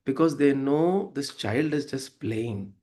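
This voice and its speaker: A man's voice: mid-range voice, expressive, takes it slowly, dark tone. A man giving a devotional talk that explains verses to listeners, conversational and often checking in with "right?". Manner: conversational, acts out quoted voices, asks listeners "right?". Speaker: spiritual teacher.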